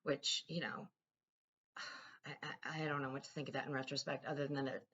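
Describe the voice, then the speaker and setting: A woman's voice: extremely low pitch, steady tone, a little fast, fairly bright tone, husky, muffled recording. A woman talking candidly in a casual personal vlog, rambling and swearing freely. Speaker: vlogger.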